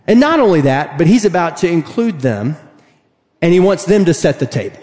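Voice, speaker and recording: A man preaching a sermon, animated and emphatic, acting out the voices he quotes. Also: on the high side, fairly quick. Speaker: pastor. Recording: long hall reverb.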